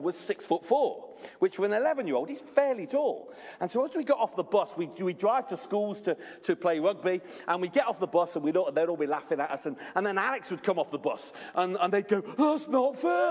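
Brief: preacher, animated storyteller who questions his congregation, expressive voice, reverberant church hall. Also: sits high. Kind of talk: sermon.

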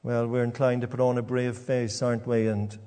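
A man preaching a sermon in a church, halting and repeating words as he talks. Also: mid-range voice, level tone, mellow, in a large hall.

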